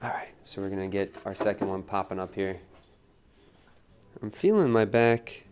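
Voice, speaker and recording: A man giving a relaxed live pottery demonstration at the wheel, talking through each step on a wireless mic in his studio. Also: low voice, moderate pace, background noise. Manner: relaxed, talks while working at the wheel, reads chat aloud. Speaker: pottery teacher streaming a demo. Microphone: wireless transmitter mic.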